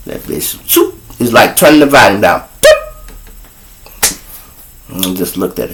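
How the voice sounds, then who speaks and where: A man's voice: lowish voice, animated, a little slow, pauses often, a bit bright, a little hiss or hum. A man hosting a live show, telling crude, preachy comic stories. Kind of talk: profane comic storytelling.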